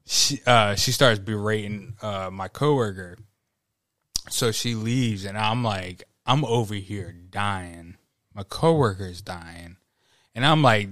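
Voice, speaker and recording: A man's voice: lowish voice, very animated, takes it slowly, a bit bright, dry recording. A man in casual podcast chat, telling a work story with lots of swearing, laughter and acted-out quotes. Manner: profane, laughing storyteller who acts out quotes. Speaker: podcast guest.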